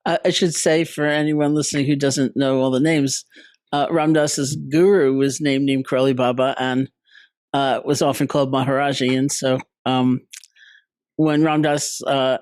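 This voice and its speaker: An older man hosts the conversation, filling in background for listeners in a measured, steady delivery. His pitch stays flat, and the sound is dry and close. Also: no room sound. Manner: measured, with frequent uh fillers. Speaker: host. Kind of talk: interview explanation for listeners.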